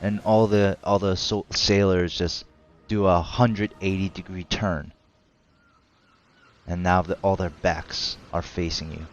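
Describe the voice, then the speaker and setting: A man's voice: low-pitched, little pitch movement, unhurried, dull audio, faint music behind. A man narrating as game master of a tabletop game, laid-back and hesitant, often laughing.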